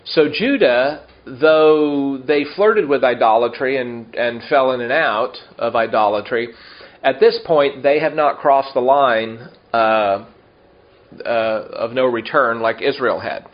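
A man teaching a Bible study in a relaxed, conversational way, slowing down to explain Hebrew words and asking the listeners questions. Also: mid-range voice, muffled recording.

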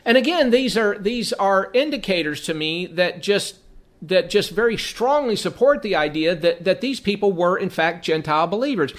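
A man's voice: high voice, expressive, normal speed. A man teaching from the Bible, reading passages aloud and then explaining them in a conversational way, often repeating words as he thinks.

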